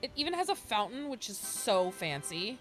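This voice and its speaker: A woman hosting a video game playthrough, chatting excitedly and laughing as she plays. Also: medium pitch, moderate pace. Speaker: let's play host. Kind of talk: casual gameplay commentary. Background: game music.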